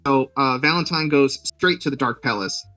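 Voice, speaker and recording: A man's voice: medium pitch, normal speed, pushed and bright, no echo, far from the mic, faint music behind, poor audio. A man hosting a podcast, retelling a film's plot in a rambling, joking way with lots of fillers. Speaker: podcast host. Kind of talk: casual movie recap.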